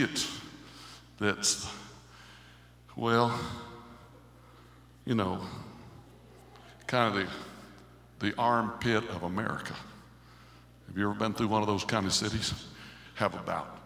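A man preaching a Pentecostal sermon, moving from quiet talk up to loud, high shouting. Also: fairly even intonation, slow pace, vocal fry, long pauses. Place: church sanctuary. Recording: echoey hall with congregation.

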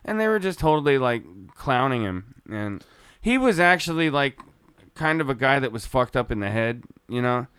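A man's voice: medium pitch, lively intonation, moderate pace, a bit bright, clear, resonant tone, dry recording. A young man guesting on a podcast, laid-back, laughing often and swearing casually. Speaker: guest musician.

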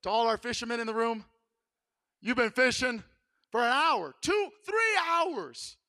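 A male pastor preaching a sermon in a church, telling the story dramatically and swinging between hushed lines and shouted ones. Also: extremely high pitch, animated, measured pace.

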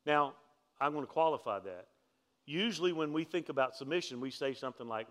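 A male pastor preaching a sermon, telling stories in a conversational way with joking asides and climbing to louder, higher peaks for emphasis. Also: fairly quick. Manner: animated storytelling, climbs in pitch and force for emphasis; conversational, humorous asides to the congregation.

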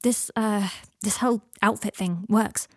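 A woman reading a story plays a weary, lonely young investigator. He speaks plainly and quietly, a bit hesitant, in a middle pitch. The recording is dry and close. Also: fairly even intonation, unhurried, breathy edge, no echo. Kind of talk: audiobook reading of fan fiction.

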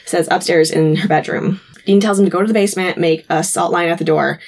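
A woman co-hosting a casual podcast, retelling a TV episode and acting out the characters' lines in quick voices. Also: lowish voice, steady tone, a little mellow. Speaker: podcast co-host recapping an episode. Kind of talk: casual chat.

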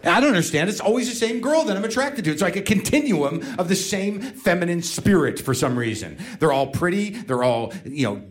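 A man performing a stand-up comedy routine, ranting and self-mocking, swinging between muttering and shouting. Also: sits high, very animated, a little fast, few pauses.

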